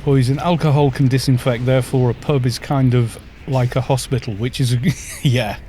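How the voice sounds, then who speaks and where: A man's voice: medium pitch, steady tone, moderate pace, warm tone, slight background noise. A middle-aged man from North Wales with a Welsh accent, chatting casually and joking with viewers while live-streaming a game. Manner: chatty, joking, reads chat aloud.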